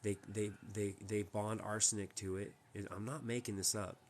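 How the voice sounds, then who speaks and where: A man with a lowish voice talks straight to his live-stream viewers from home. He rambles emphatically and restarts his sentences often. A faint hiss of background noise sits under his voice. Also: steady tone, moderate pace, a little mellow. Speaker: livestream host. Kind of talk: casual live-stream chat.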